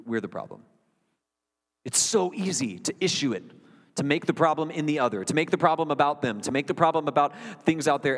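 A man's voice: on the high side, in a large hall. A man preaching a sermon as the pastor, earnest and conversational, with wry asides to his congregation.

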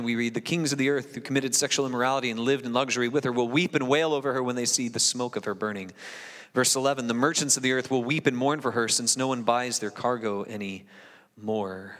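A man's voice: medium pitch, a bit bright. A middle-of-the-road male voice, a pastor in his forties, reads scripture and then preaches in a loose, self-deprecating style full of asides. The sound carries the long reverb of a large church sanctuary. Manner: conversational and self-deprecating, with frequent asides and "right?". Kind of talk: sermon with scripture reading.

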